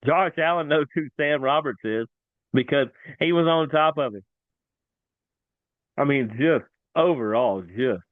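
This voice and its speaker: A man hosting a casual sports talk show, excitable and animated, repeating himself for emphasis. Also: mid-range voice, normal speed, pauses often, dry recording. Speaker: sports podcast host. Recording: dry, tinny phone-like sound.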